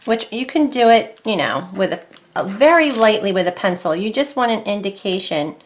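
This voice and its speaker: With slight background noise, a woman at her home craft desk runs a casual painting tutorial in an expressive, medium-pitched voice at a moderate pace. She rambles chattily and lapses into soft muttering while concentrating.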